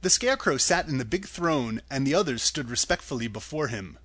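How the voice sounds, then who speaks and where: A man reading a children's classic aloud as an expressive audiobook narrator. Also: mid-range voice, fairly quick, hardly any pauses, no echo. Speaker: audiobook reader.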